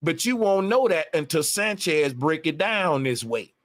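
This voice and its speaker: A man's voice: on the high side, lively intonation, unhurried. A man on a livestream, ranting emphatically with a lot of profanity and repetition. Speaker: live streamer. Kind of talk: casual livestream rant.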